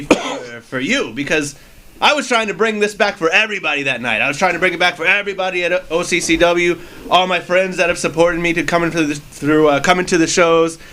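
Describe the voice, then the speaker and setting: High, bright-voiced boastful male wrestler. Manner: boastful, animated storytelling. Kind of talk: in-character wrestling promo interview.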